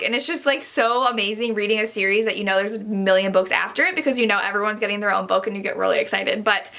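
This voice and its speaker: Bright, chatty young woman book vlogger. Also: fairly high pitch. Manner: rambling, chatty, gushing and exasperated. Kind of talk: casual book review chat.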